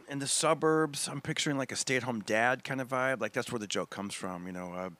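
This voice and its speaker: Gravelly, bright-voiced comedian. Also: male voice, mid-range voice, normal speed. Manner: animated, breaks into voices and laughs. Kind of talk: casual podcast chat.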